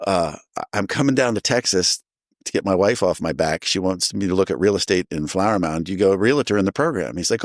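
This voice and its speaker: A middle-aged man tells a long personal story in a low, close, dry voice. He is animated and jumps into the voices of the people he quotes. It sounds like relaxed conversation rather than a prepared talk. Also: fairly quick, no echo. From New Jersey. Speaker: guest sharing recovery story. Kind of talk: casual storytelling.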